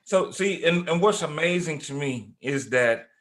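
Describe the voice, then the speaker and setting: A man hosting an interview, relaxed, often restarting his sentences as he asks questions. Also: fairly high pitch, unhurried, noisy background. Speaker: host. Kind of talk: conversational interview.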